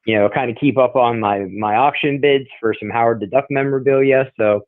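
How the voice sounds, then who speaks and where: A man co-hosting a wrestling podcast, chatting casually with deadpan, self-important jokes, heard through a tinny phone-like sound. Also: medium pitch, fairly quick, no echo. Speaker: podcast co-host. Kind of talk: casual chat.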